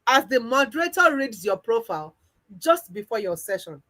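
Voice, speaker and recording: A woman's voice: on the high side, very animated, moderate pace, sharp tone, poor audio. A woman coach with a Nigerian accent narrating a second-person guided visualization story. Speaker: weight-loss coach.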